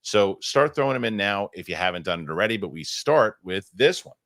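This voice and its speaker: A low-pitched man from the United States hosts a podcast with a swinging, animated delivery. He rambles excitably through chat and ad reads, and his middle-aged voice sounds close and dry. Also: brisk, no room sound. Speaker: podcast host. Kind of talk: casual chat and live ad reads.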